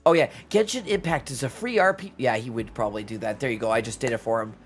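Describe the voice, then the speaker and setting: Stuffy-nosed streamer, mid-pitched, teasing and loose, live late-night chat, faint music underneath. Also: quick pace. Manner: playful, teasing, laughs often. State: stuffy nose. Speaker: Twitch streamer.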